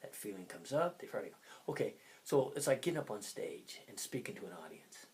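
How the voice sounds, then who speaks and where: An older man in his sixties coaching and motivating in a loose, chatty way. His pitch leaps up and drops all over, and he wanders off on tangents, flipping from sudden loud bursts to near-whispered asides. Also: huge pitch swings, a little fast. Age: 60s. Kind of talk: casual motivational talk.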